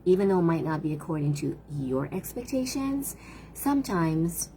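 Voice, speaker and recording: A middle-aged woman with a low voice talks through parenting tips, earnest and chatty. She often slips into quick acted-out lines of what kids and parents say. A faint hiss sits under the recording. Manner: earnest, lively and talkative, acts out quotes of kids and parents. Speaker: parenting coach hosting a live stream. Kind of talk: casual advice talk to camera.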